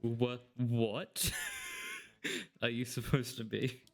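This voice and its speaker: A man's voice: medium pitch, steady tone, very slow, vocal fry, faint music behind. A man giving casual let's-play commentary, joking and sarcastic and laughing often. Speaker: gameplay commentator.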